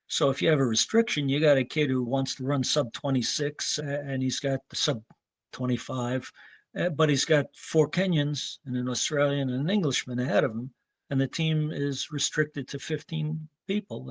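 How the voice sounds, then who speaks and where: A man in his seventies from New York State, a veteran running coach telling rambling, anecdotal stories and clearing his throat now and then. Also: medium pitch, dry recording. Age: 70s. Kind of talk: casual interview talk.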